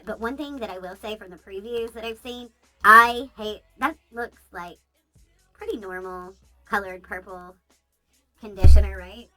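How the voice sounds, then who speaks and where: Bright-voiced chatty woman vlogger. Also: medium pitch. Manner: rambling, chatty, many "like"s and asides. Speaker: beauty vlogger. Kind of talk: casual chatty DIY vlog. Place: at home.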